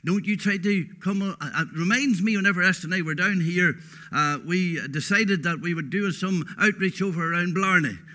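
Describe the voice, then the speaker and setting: A man's voice: sits high, normal speed, pushed and bright. A man preaching a sermon, emphatic and folksy, repeating words for stress.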